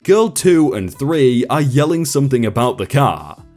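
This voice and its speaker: A man's voice: medium pitch, big pitch swings, moderate pace, a little mellow, faint music behind. A man reading out stories and commenting on them, reading the quoted lines in character and breaking off to react. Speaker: story narrator.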